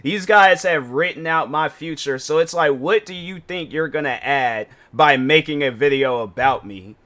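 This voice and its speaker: A man's voice: fairly high pitch, normal speed, fairly bright tone. A man giving casual reaction commentary as a YouTuber, exasperated and rambling, with slang and many restarts.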